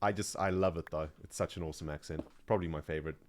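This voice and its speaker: A man's voice: extremely low pitch, steady tone, very fast, noisy background. A man chatting casually on his livestream, self-mocking and chatty, with plenty of fillers. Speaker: streamer.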